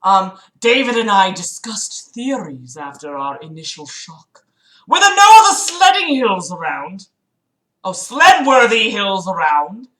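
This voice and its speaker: A woman reads a book aloud on her livestream, then cuts in with exasperated, sarcastic asides and plenty of swearing. Her voice is bright and forceful, and the room around her rings with echo. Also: medium pitch, big pitch swings, measured pace. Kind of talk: dramatic reading with mocking commentary. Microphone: streaming mic.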